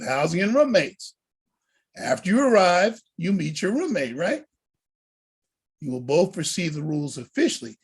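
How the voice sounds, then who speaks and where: Husky animated deacon teaching students. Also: male voice, fairly high pitch. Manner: animated, preacher-like exhortation. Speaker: deacon and college prep instructor. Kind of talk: motivational lesson to students.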